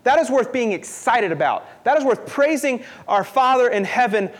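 A man's voice: extremely high pitch, expressive, normal speed, slightly rough. A young man preaching a sermon in an earnest, conversational way, often repeating himself for emphasis.

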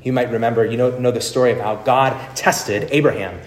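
A male pastor preaching a sermon, telling stories with wide swings between emphatic lines and hushed ones. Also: mid-range voice, fairly even intonation, a little fast, roomy sound.

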